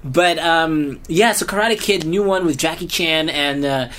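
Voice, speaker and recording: A man talks casually as a guest on a podcast, his story winding and halting with constant restarts and fillers. When he rants, he grows loud and worked up. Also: a little high, a little hiss or hum. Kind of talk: casual chat.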